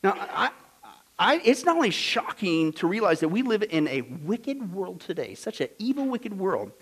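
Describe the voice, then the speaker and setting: A man preaching a sermon, fiery and emphatic, swinging from loud declarations to hushed storytelling. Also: high-pitched, very animated, normal speed, breathy edge, low-quality recording.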